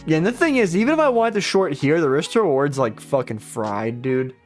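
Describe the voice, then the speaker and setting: Lively, rambling young man streaming trades. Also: on the high side. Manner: rambling, profane, self-deprecating. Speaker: live-stream futures trader. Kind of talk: casual live-stream commentary.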